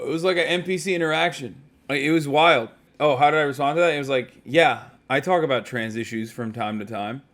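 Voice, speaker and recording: A man, telling a story casually to his stream chat in an animated, incredulous, profane way. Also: a little high.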